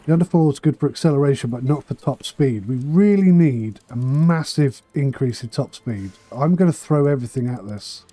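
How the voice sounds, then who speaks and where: A man's voice: medium pitch, animated, normal speed, few pauses, warm tone. A man streaming a management game for charity, thinking aloud with dry asides and a slightly tickly throat. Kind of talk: casual charity livestream commentary.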